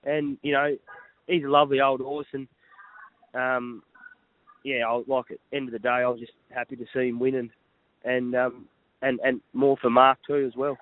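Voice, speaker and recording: A man's voice: mid-range voice, level tone, moderate pace, pauses often, dry recording. A man, a racehorse trainer, chatting casually as a guest in a plain-spoken, easygoing way. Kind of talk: casual phone chat. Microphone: phone. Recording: tinny phone line.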